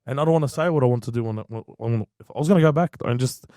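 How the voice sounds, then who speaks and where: Fast-talking man in his thirties. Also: medium pitch, dark tone, no room sound, clean studio sound. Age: 30s. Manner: fast, repetitive, slangy retelling. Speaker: podcast guest. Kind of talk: heated storytelling.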